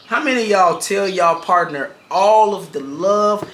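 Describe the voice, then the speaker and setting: A man's voice: high voice, measured pace, fairly bright tone, echoey room, slight background noise. A man, a musician and co-host, chatting casually in an earnest, openly emotional way. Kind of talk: casual chat.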